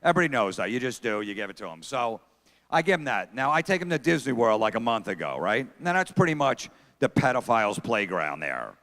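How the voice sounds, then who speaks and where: A man's voice: mid-range voice, very animated, a little fast, fairly bright tone. A middle-aged man doing stand-up comedy on a theater stage, telling brash, profane stories and talking to the crowd. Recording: long theater reverb.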